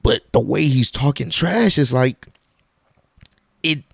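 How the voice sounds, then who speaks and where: A man talking casually in an opinion vlog, animated and slangy, acting out quotes in bursts. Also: medium pitch, takes it slowly, vocal fry, slightly rough, no room sound, studio quality. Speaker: wrestling commentary vlogger.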